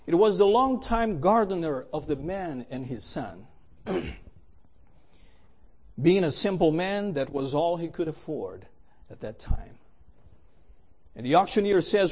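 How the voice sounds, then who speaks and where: A man's voice: high-pitched, animated, a little slow, a little mellow. A man telling a story in a sermon, with a dramatic and emphatic delivery. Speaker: preacher.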